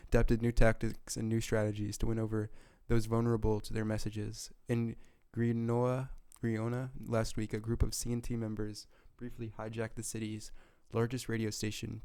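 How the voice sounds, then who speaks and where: A man's voice: lowish voice, completely flat delivery, moderate pace, few pauses, dark tone, clear, resonant tone, no room sound, lightly acted. A man reading as an earnest male minister. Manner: reads a formal speech aloud, stumbling over words. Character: middle-aged male government minister, earnest.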